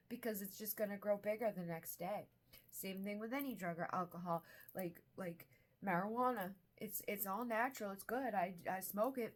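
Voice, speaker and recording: Young woman chatting about healing, swears a lot, loose and candid, mid-pitched voice. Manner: candid and swearing, with restarts and quoted self-talk. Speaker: wellness video host. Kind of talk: casual self-help talk to camera.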